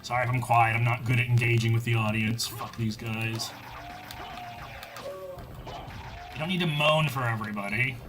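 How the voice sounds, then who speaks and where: A man chats casually on a game stream, telling stories in a loose, rambling way full of fillers and restarts. His voice sits at an ordinary middle pitch. Music plays clearly behind him. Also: steady tone, normal speed, long pauses, low-quality recording. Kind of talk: casual chat.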